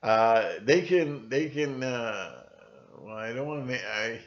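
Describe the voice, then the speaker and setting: A man's voice: medium pitch, slow, highs cut off. A man hosting his own video channel, talking in a rambling, casual monologue and often slipping into voices to mimic other people.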